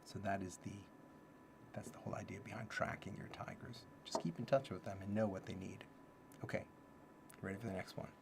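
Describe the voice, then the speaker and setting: A man's voice: deep voice, fairly even intonation, brisk, vocal fry, noisy background. A man hosting a casual livestream talk, thinking aloud and repeating his key phrases. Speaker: livestream host teaching self-development ideas.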